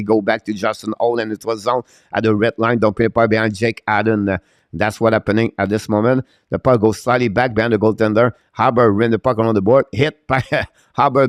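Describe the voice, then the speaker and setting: A man hosting a live-stream hockey play-by-play, talking in a rapid run of commentary in broken non-native English with many "uh" fillers and sudden jumps to excited shouting on scoring chances. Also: fairly low pitch, dry recording, clean studio sound. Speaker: play-by-play host.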